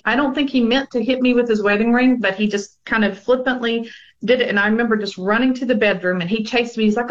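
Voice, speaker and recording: A woman's voice: fairly high pitch, fast talker, muffled recording. A woman in her forties candidly recounts her own experience as an interview guest. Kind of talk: personal testimony.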